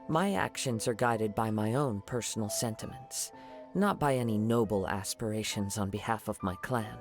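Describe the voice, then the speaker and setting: An actor playing a calm, modest young male wandering samurai in a game, speaking in a composed, polite way. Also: mid-range voice, close to an everyday voice. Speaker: game character.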